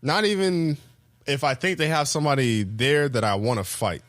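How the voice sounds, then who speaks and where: A man's voice: moderate pace, no echo. Loose-talking man telling a story, dry mic. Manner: animated storyteller, acts out quotes with loud high bursts; loose, profane, many fillers and restarts. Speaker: podcast co-host. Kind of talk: casual storytelling chat.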